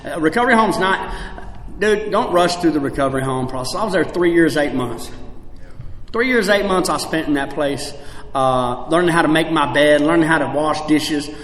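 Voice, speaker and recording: A man sharing his recovery story at a convention, swinging between shouting and quiet, broken confession, with many "man" and "like" fillers. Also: fairly high pitch, normal speed. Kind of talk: recovery meeting share. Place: large convention hall. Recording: echoey convention hall with long reverb.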